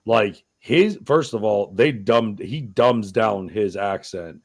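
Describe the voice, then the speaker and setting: A man's voice: fairly low pitch, takes it slowly, vocal fry, darkish tone. A man from New York hosting a podcast, talking in a crude, rambling, profane way. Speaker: podcast host. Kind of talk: casual chat.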